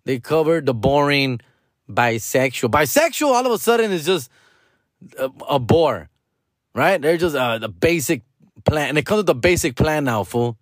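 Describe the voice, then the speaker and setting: A man's voice: on the high side, lively intonation, normal speed, dry recording, studio quality. A middle-aged man, talking in a casual, profane, rambling monologue that slips into Spanish. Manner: slangy, profane, bilingual Spanish code-switching; drawling, rambling. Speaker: podcast host.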